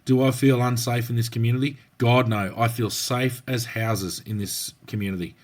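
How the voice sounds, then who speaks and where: A man's voice: mid-range voice, fairly even intonation, moderate pace. A man with an Australian accent, a former cop co-hosting a podcast, telling stories bluntly in colloquial slang. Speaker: podcast co-host, former police officer. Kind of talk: casual podcast chat.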